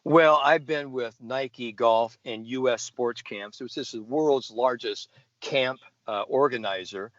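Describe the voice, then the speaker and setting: A man's voice: medium pitch, slow, a bit bright, no room sound. Older man telling golf stories, dull recording. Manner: enthusiastic storyteller, many fillers and restarts. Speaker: golf sports psychologist, guest. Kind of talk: interview storytelling.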